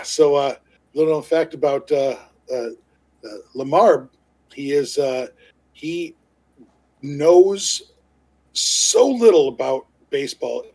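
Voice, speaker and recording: Recorded roughly, a man with a husky, darkish mid-range voice chats casually with his co-host on a live stream. His long, rambling story is riddled with fillers and restarts, and laughter comes easily to him as he talks.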